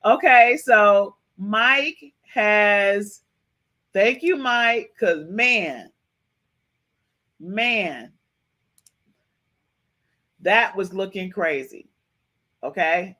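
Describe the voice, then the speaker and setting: A woman hosting a livestream podcast, reacting excitedly, repeating herself and talking to her chat. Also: mid-range voice, drawn-out words, long pauses. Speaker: podcast host. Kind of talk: livestream gossip commentary.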